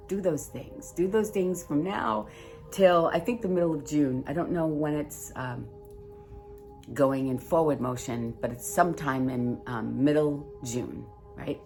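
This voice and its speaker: A woman's voice: sits low, normal speed, creaky, darkish tone, soft background music. A woman hosting a casual spiritual video from home by the fire, chatting in a rambling way with fillers and giving encouraging advice. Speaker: host reading oracle cards. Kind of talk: casual spiritual vlog chat.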